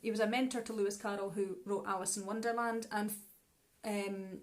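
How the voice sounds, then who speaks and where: A woman's voice: mid-range voice, steady tone, a little fast. A Scottish woman co-hosting a live stream in a casual, chatty way, mixing in Scots words. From Scotland. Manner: chatty, easy laughs, drops into Scots words. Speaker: co-host, musician.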